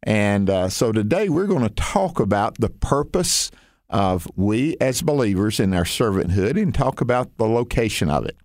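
A man's voice: lowish voice, very animated, moderate pace, darkish tone, dry recording, clean studio sound. A man hosting a Christian missions program, talking in a folksy, rambling way with frequent fillers and restarts. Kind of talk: conversational interview.

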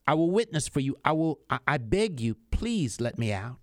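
A man reads the part of a tormented woman pleading to be let out of the flames. The delivery is urgent and begging, with a lively, moving pitch, in a dry, close sound. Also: moderate pace, dry recording, lightly acted.

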